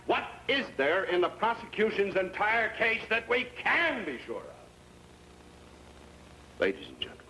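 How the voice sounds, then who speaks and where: An actor playing a confident defense lawyer making his closing argument, with measured, rhetorical questions. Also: fairly low pitch, pushed and bright, slight background noise, exaggerated voice, rough recording. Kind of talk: 1960s TV courtroom drama.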